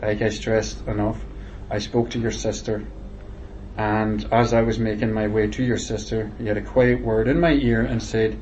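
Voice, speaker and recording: A man's voice: on the low side, little pitch movement, normal speed, a little mellow, highs cut off, a little hiss or hum. A man answering questions at a meeting, insistent and defensive, repeating himself for stress. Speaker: interviewee at a meeting. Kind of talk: tense back-and-forth questioning.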